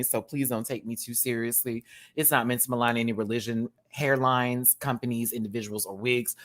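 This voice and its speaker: A man hosting a casual reaction show, campy and chatty, swinging from loud exclamations to quiet asides and laughing often. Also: medium pitch. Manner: campy and chatty, repeats words for emphasis.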